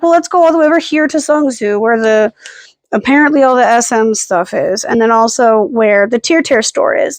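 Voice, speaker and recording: A woman's voice: a little high, dry recording. A woman rambling through a casual vlog, self-deprecating and full of "like" and "um" fillers, filming herself at home with the camera held at arm's length. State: hiccuping and burping. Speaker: vlogger.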